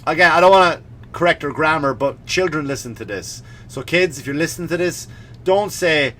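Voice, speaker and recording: Bright-voiced sarcastic male comedian ranting. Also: on the high side, moderate pace, a little hiss or hum. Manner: sarcastic, mock-serious asides. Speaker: comedian podcast host. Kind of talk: comedic rant.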